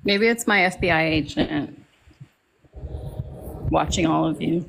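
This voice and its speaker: Deadpan joking woman on a noisy call. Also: low voice, measured pace, vocal fry. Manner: deadpan, joking, casual swearing. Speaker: live stream guest. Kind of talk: casual chat.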